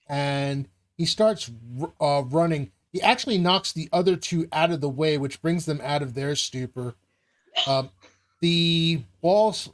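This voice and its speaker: Game master narrating with many ums. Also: mid-range voice. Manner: rambling narration with many fillers. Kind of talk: narrating a live tabletop game.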